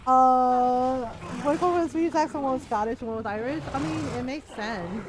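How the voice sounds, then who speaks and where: A woman's voice: sits high, normal speed. A woman streamer telling a rambling story in casual chat while she plays, giggling often. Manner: chatty, giggly, rambling with restarts. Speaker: game streamer.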